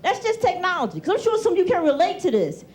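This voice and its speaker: High, animated female stand-up comic. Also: fast talker. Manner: animated, conversational, acts out family members. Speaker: stand-up comedian. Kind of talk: stand-up set. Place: comedy club stage with audience. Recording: 1990s TV club recording. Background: audience laughter.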